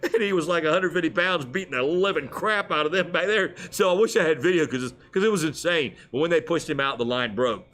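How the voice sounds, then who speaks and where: A man co-hosting a casual fishing show, telling stories with lively put-on voices and frequent laughs. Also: on the high side, a little fast, few pauses. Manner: animated storyteller, laughs often.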